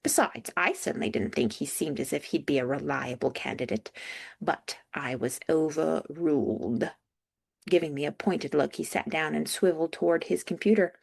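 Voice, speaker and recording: A woman's voice: low-pitched, moderate pace, creaky, darkish tone. A young woman reading a first-person audiobook with dry, wry asides. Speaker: audiobook narrator.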